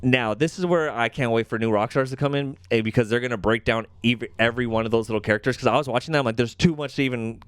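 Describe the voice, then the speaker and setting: A young man co-hosting a podcast, giving an excited, profane recap in casual chat. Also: mid-range voice, fast talker, hardly any pauses, clean tone, no room sound. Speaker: podcast co-host.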